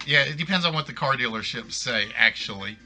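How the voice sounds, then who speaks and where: A man's voice: medium pitch, lively intonation, a little fast, creaky, bright, forceful tone. A man hosting a live game stream, chatting casually and rambling, correcting himself as he goes. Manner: rambling, self-correcting, apologetic. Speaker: game show stream host.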